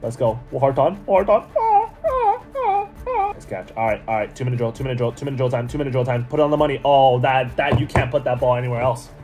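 A man giving excited, rambling gameplay commentary as a gaming YouTuber, talking to himself and to his viewers. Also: mid-range voice, very fast, few pauses, soft background music.

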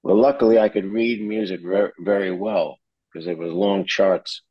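Lively low-voiced man telling a story. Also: moderate pace, gravelly, no room sound, highs cut off. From New Jersey, USA. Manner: animated storyteller who acts out quotes. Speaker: guest musician. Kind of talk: casual storytelling interview.

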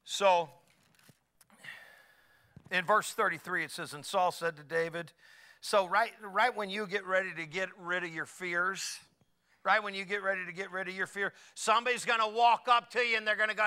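A middle-aged man preaching a folksy sermon, swinging from quiet asides to loud exclamations. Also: high voice, fairly even intonation, normal speed, clear, resonant tone. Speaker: pastor.

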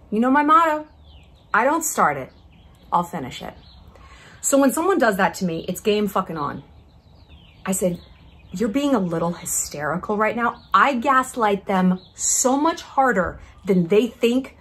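A woman in her thirties talks straight to camera, brash and sarcastic, and swears freely. Her voice has a husky, slightly breathy edge at a middle pitch. She slides into sugary, condescending asides to mock whoever she is talking about. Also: big pitch swings, measured pace, a bit bright. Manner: brash, profane and sarcastic, slipping into mock-sweet patronizing asides. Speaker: YouTube commentary host. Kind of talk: casual monologue to camera.

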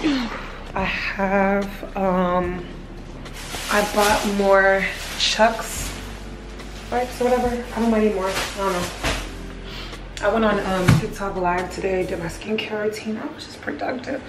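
Young woman talking fast into her phone at home, chatty and excitable, mid-pitched voice. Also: over music. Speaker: vlogger. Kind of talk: casual vlog chat.

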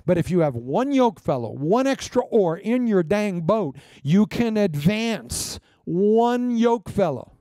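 Gravelly, joking man preaching. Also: high voice, slow pace, few pauses, dry recording, clean studio sound. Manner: lively, joking, swings between loud proclamations and quiet asides. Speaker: pastor. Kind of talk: sermon.

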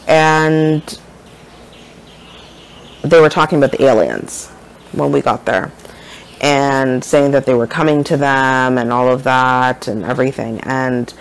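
A woman's voice: rumbling low, low-quality recording. A woman speaking as a shaman and spiritual teacher in a casual spiritual monologue, rambling and earnest, often checking in with her listeners.

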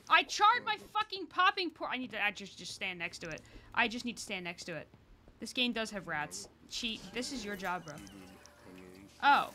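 A woman with a bright, sharp-edged voice gives casual, running commentary on a game she is playing. She mutters to herself, grumbles and swears, and a faint hum of room ambience sits behind her. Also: mid-range voice, animated, normal speed. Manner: exasperated, swearing, talking to herself. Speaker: streamer.

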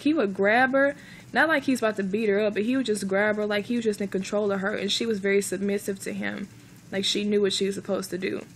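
A woman tells a long dream story to her viewers in an earnest, rambling way, stopping and restarting often. Her voice has a gravelly edge at a middle pitch. Faint noise runs under the recording. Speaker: vlogger recounting a dream. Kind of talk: casual storytelling monologue.

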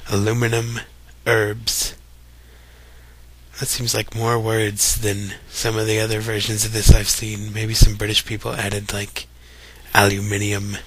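A man's voice: mid-range voice, dry recording. A young man from Kentucky with a light Kentucky accent, chatting casually and reading a word list aloud for a voice meme. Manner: relaxed, chatty, reads words one by one.

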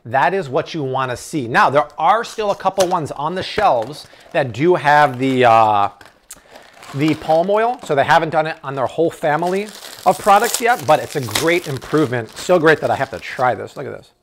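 A man's voice: fairly high pitch, lively intonation, moderate pace, slight background noise. A man in an enthusiastic grocery haul review, exclaiming and tasting products on camera. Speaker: food vlogger.

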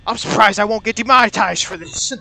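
A young gaming channel host with a high-sitting, gravelly, bright voice nervously commentates a horror game, talking quickly and forcefully. He swears, mutters and keeps talking nonstop to cope with his fear, speaking through a mask over his mouth.

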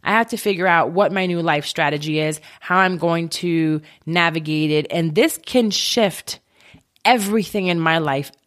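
A woman in her mid-thirties speaks on her own podcast, her voice sitting on the low side. She talks candidly and confessionally, emotional and open, letting the odd swear word slip. She records from her home office. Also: normal speed, a bit bright. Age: 30s. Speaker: podcast host. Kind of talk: candid solo podcast monologue.

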